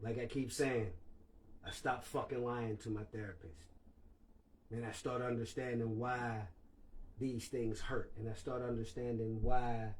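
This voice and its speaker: A man's voice: mid-range voice, little pitch movement, measured pace, darkish tone. A man hosting a livestream, talking candidly and emotionally and swearing freely. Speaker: livestream host.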